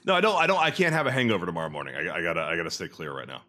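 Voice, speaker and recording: A man's voice: deep voice, huge pitch swings, racing, sharp tone. A man co-hosting a crude comedy podcast, with theatrical mock-formal announcing and bawdy jokes. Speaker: podcast co-host.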